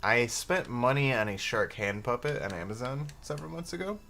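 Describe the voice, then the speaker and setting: A man's voice: mid-range voice, animated, brisk, creaky, bright, forceful tone. Sarcastic, swearing male streamer. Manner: crude, joking, sarcastic. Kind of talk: casual gaming stream chat.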